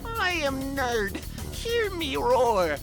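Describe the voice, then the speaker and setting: A man's voice: very high voice, sing-song, very slow, over music, pitched above the performer's own voice, full character voice. A man doing a shy stammering nerd. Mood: awkward. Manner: stammering, eager. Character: shy awkward young male nerd.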